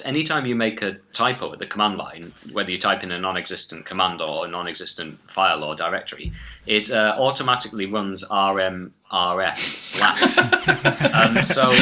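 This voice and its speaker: A man's voice: on the low side, sharp tone. A man co-hosting a podcast, talking casually and making dry, wry jokes with chuckles. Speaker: podcast co-host. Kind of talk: casual chat.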